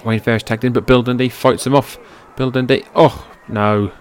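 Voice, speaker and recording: A man giving amateur play-by-play commentary on a wrestling match, shifting from low, offhand calling to loud, high-pitched outbursts laced with swearing, into his own microphone. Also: steady tone, normal speed, a little hiss or hum. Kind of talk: amateur play-by-play commentary over old footage. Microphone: personal microphone.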